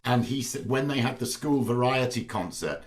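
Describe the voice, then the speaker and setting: A middle-aged man chatting as a guest on a video call, telling family anecdotes in a relaxed storytelling way. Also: mid-range voice, normal speed, far from the mic. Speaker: actor guest. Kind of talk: casual video-call chat.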